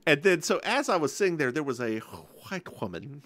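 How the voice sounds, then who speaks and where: Male podcast co-host, mid-pitched and expressive, dry close-miked sound. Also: fast talker, no room sound. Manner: animated, acts out quotes, sassy. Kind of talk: casual chat, storytelling.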